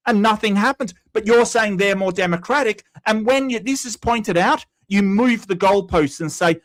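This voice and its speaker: An Australian man with a notably high voice tears into a viewer, swearing and shouting insults in a heated livestream rant. He speaks as a young guest co-reviewing a debate. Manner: heated, profane, rapid ranting.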